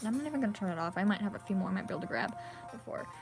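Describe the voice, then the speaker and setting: A woman's voice: medium pitch, expressive, very fast, music in the background. A young woman chatting casually to viewers during a game livestream, rambling and apologetic, from home. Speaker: streamer.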